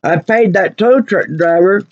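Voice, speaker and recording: A woman's voice: medium pitch, a little slow, a little mellow, no echo. A woman angrily retelling an incident, repeating herself, her voice rising. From Oklahoma. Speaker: vlogger. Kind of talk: angry personal retelling of an incident. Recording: muffled lo-fi recording.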